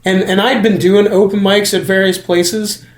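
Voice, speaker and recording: A man's voice: high voice, level tone, moderate pace, reverberant. A man hosting a casual chat about comedy, rambling and often restarting his sentences. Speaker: comedian and podcast host.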